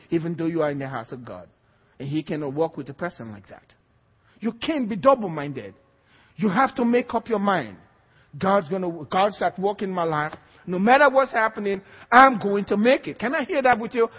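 A man's voice: sits high, lively intonation, normal speed, breathy edge. A man preaching a sermon with emphatic repetition and call-and-response to the congregation. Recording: dull, echoey hall recording.

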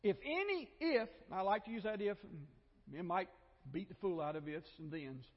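A man's voice: sits high, lively intonation, normal speed. A man with a Southern American accent preaching a sermon in a conversational way, with joking asides and repeated phrases, in a church. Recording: dull, echoey church hall recording.

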